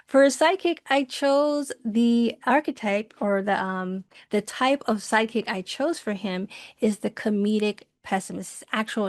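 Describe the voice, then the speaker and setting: A woman's voice: medium pitch, no room sound, clean studio sound. Upbeat chatty woman teaching art. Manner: chatty and upbeat, laughs often, with many fillers. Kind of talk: casual online workshop lesson.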